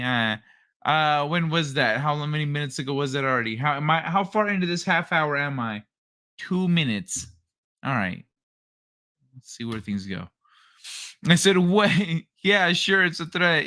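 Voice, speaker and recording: A man's voice: a little high, sharp tone, smooth. A man hosting a casual late-night livestream, telling stories with lots of swearing and laughter. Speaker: livestream host.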